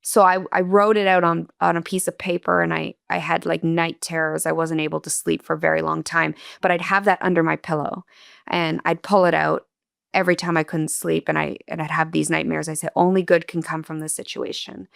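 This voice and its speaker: A woman's voice: low voice, level tone, a little fast, gravelly, a bit bright, no room sound, studio quality. A woman guest on an interview podcast, earnestly and candidly telling a personal story in a reflective, emotional way.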